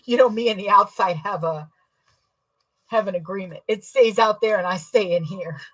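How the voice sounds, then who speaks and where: A young adult woman chatting casually while sewing, telling rambling, self-deprecating stories with a husky voice. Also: mid-range voice, normal speed, poor audio. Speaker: sewing vlogger.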